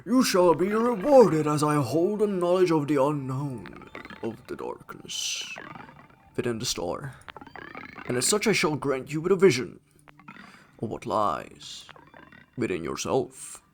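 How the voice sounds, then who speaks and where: A man's voice: fairly high pitch, very animated, a little slow, a little hiss or hum. A man voicing a fussy cooing spirit who lost her stars, reading game dialogue aloud in a pitying, sing-song way. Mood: grand.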